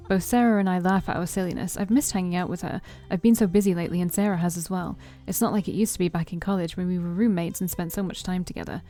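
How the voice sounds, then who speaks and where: A woman's voice: fairly low pitch, fairly even intonation, fast talker, few pauses, dark tone, soft background music. A woman reading a story game aloud in first person, playful, with her own asides. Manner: playful, with side comments. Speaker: let's play streamer.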